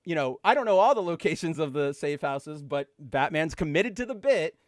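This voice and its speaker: A man co-hosting a podcast, chatting casually and excitedly, full of fillers and gushing asides. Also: on the high side, moderate pace, no echo, clean studio sound. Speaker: podcast co-host. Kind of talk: casual comic book chat.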